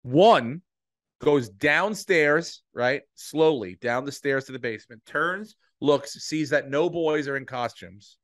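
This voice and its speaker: A middle-aged man, a podcast co-host, telling a long animated story in casual chat, swearing freely and acting out the voices of people in it. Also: fairly high pitch, dry recording, studio quality.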